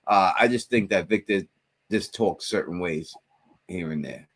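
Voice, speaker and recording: A man co-hosting a casual livestream call-in show, animated and repeating words for emphasis. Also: low voice, a little slow. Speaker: co-host.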